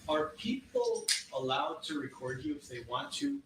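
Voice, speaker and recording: A somewhat high-voiced man questions a witness in court, pressing for yes-or-no answers. He sits well away from the microphone, so his voice comes through distant and echoey. A faint room hum sits underneath. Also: huge pitch swings, moderate pace. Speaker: attorney. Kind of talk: courtroom cross-examination.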